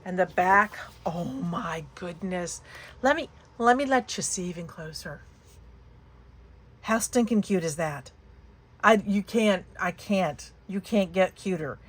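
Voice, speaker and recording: A woman hosting a papercraft channel, chatting casually through an unboxing haul, gushing and excitable, now and then breaking into high squeals. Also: unhurried.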